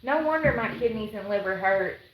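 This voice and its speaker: A woman's voice: mid-range voice, lively intonation, a little fast, reverberant, lo-fi sound, a little hiss or hum. A woman chatting casually on a livestream, rambling, sighing and laughing at herself. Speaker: vlogger. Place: outdoors in the woods.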